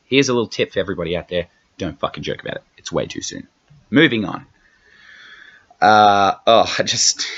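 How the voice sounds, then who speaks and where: A man's voice: deep voice, a bit bright. An Australian man hosting a comedy podcast in a casual chat, rambling, profane and self-mocking. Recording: dull lo-fi podcast audio.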